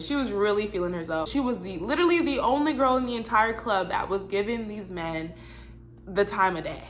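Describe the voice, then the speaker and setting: A woman telling a storytime vlog in a blunt, animated, exasperated way. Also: medium pitch, slight background noise. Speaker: vlogger.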